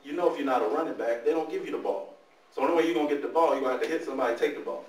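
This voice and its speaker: A man giving an animated motivational talk to young people, telling stories and often turning to the audience with questions. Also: mid-range voice, very fast, slight background noise. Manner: animated storytelling, talks to the audience. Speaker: motivational speaker. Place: large room, speaking to a live audience. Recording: echoey room, mic far off.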